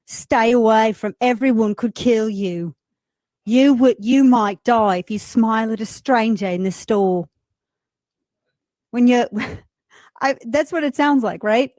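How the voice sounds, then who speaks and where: A slightly high-voiced woman hosts a talk show with biting sarcasm and lively asides. Her voice sits close and dry on the mic, with no room sound. She mocks and jokes at a brisk clip. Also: no room sound. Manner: mocking, animated, quick asides. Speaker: radio talk show host. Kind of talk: sarcastic political commentary.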